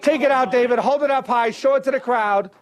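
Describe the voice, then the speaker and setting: Before a live audience, a man with an extremely high-pitched, brisk voice plays a stage magician in a comedy magic show, teasing a volunteer with joking banter. Loud crowd noise fills the live stage recording.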